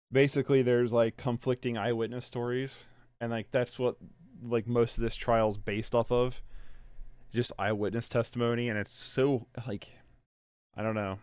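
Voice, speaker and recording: A man's voice: mid-range voice, darkish tone, clean tone, no room sound. Stuffy-nosed man rambling through a movie. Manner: rambling, filler-heavy, says "like" often. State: stuffed-up nose and sleepy, yawning. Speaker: movie watch-along host. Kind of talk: casual movie reaction commentary.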